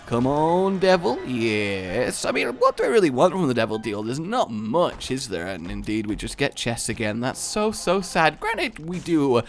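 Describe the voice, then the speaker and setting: A man's voice: medium pitch, sing-song, moderate pace, few pauses. A man giving casual gameplay commentary, rambling into playful tangents and jokes, with frequent stammered restarts. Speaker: video game commentator.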